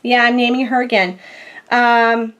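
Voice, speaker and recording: Casting note: bubbly high woman crafter, casual rambling vlog chat, laughs often, sore back. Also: steady tone, a little slow, a bit bright, smooth, highs cut off. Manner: rambling, giggly, frequent fillers. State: sore back, groans a little. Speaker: crafting vlogger. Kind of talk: casual chatty haul video.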